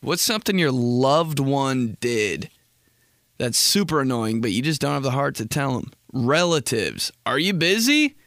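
A man's voice: medium pitch, unhurried, no echo, clean studio sound. A man hosting a podcast, telling stories in a casual, profane, rambling way. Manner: profane, rambling, animated storytelling. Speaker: podcast host. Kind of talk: casual comedic monologue.

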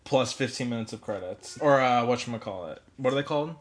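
A man's voice: mid-range voice, animated. Easygoing man co-hosting a movie chat. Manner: easygoing, quick agreeing interjections. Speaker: podcast co-host. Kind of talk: casual chat about movies.

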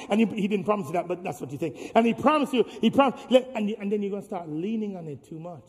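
A high-pitched male pastor preaching with call-and-response energy, dropping to hushed lines and then rising to shouts. His voice rings through a big hall with long reverb. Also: lively intonation, fast talker, few pauses. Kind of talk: sermon.

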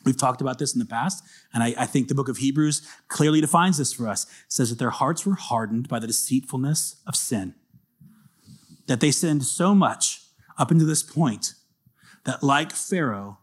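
A man preaching a sermon as pastor, chatting casually, then reading scripture slowly and building to shouted intensity. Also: medium pitch. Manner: reads scripture slowly and dramatically.

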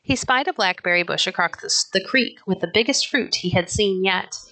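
A woman narrating a children's novel chapter aloud in an even, unhurried storytelling manner. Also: medium pitch. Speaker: audiobook narrator.

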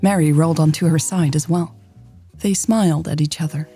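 A woman narrating a romance story in a soft, hushed, unhurried way. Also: low voice, steady tone, husky. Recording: faint music behind.

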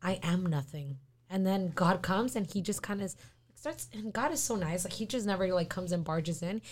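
A woman eagerly jumping into a casual faith discussion, animated and quick to share. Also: mid-range voice.

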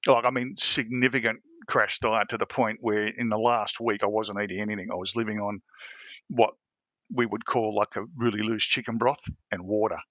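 A middle-aged Australian man tells a long story in a podcast interview. His voice sits a little low but sounds bright and forward, and he slips into the voices of the people he describes. The sound is dry and close, with no room around it. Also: moderate pace, dry recording, dull audio. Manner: animated anecdotes, acts out voices of others, frequent restarts. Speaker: podcast guest, former police commander.

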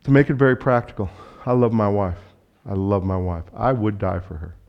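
A man preaching a sermon as a pastor, telling stories in a conversational way and acting out dialogue with sudden loud bursts. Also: fairly low pitch, a little fast, vocal fry, muffled recording. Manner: conversational, speaks directly to the congregation.

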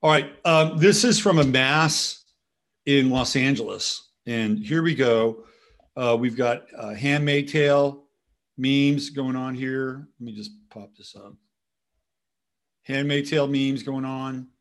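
A man's voice: mid-range voice, slow pace. A man hosting a casual commentary show, rambling from topic to topic and now and then talking to his dog. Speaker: host.

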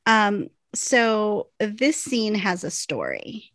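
A woman co-hosting a podcast, retelling a TV episode in lively detail and acting out the lines. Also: mid-range voice, drawn-out words, dry recording. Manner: animated retelling, acting out dialogue. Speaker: podcast co-host recapping a TV episode. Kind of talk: casual chat.

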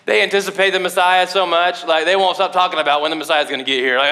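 Bright high-voiced young male preacher. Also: rapid-fire, hardly any pauses. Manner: casual, animated preaching with many fillers. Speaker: pastor. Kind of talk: sermon.

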